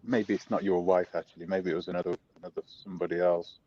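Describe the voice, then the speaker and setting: A man's voice: deep voice, fairly even intonation, quick pace, mellow, no echo, highs cut off. A man interviewing a guest in a casual chat, asking rambling questions and correcting himself as he goes.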